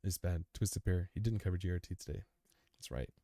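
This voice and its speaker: A man's voice: low voice, brisk, dark tone, no echo, studio quality. Worn-out laid-back guy on a live stream. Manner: laid-back, rambling, chummy, calls viewers dude. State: mentally worn out after a long stream. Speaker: crypto live stream host. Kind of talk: casual live-stream chat reading viewer comments.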